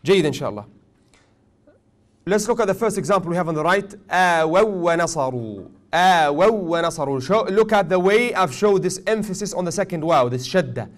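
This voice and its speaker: A man teaching a tajweed class, questioning his students often and joking gently. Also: sits high, animated, fairly quick. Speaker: Quran recitation teacher.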